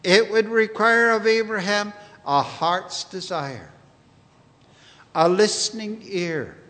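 A man preaching a sermon in an earnest, unhurried way, quoting scripture often. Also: high voice, fairly bright tone, long reverb tail.

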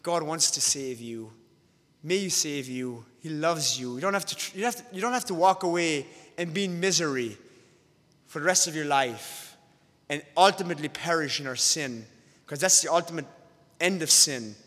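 Pleading preacher in an echoing hall. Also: male voice, on the high side, animated, normal speed, fairly bright tone. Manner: pleading, rising and falling in intensity. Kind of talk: evangelistic sermon.

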